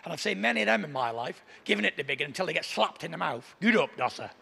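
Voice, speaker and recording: A man's voice: a little high, expressive, racing, gravelly, sharp tone, husky, in a large hall. A man from Britain, a boxer boasting and taunting at a press conference. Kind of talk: press conference trash talk.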